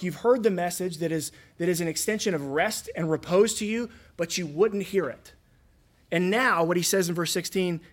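A man preaching a sermon in a conversational way, acting out the voices he quotes. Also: fairly high pitch. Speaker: pastor.

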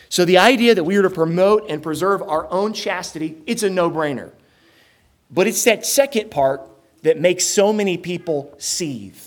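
A young man, a pastor, preaches a sermon with earnest emphasis. His voice is pitched a bit higher than the typical male voice, and he relies on rhetorical questions and sharp rising stresses.

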